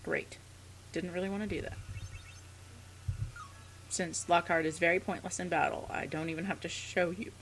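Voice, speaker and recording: A woman's voice: on the low side, fairly even intonation, moderate pace, pauses often, fairly bright tone, soft background music, low-quality recording. A young woman hosting a let's play, chatting casually with many fillers as she plays. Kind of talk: casual gameplay commentary.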